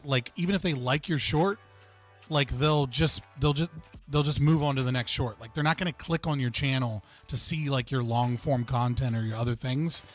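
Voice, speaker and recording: A young American man hosting a livestream chat, rambling and filling his talk with "like". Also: on the high side. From United States. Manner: rambling, heavy on fillers like "like". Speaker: livestream host. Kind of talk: casual chat.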